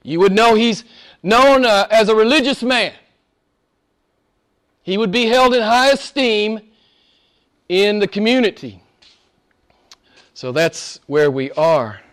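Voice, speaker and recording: A male pastor preaching a sermon, emphatic, swinging between loud exclamations and hushed asides. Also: high-pitched, lively intonation, slow pace, long pauses.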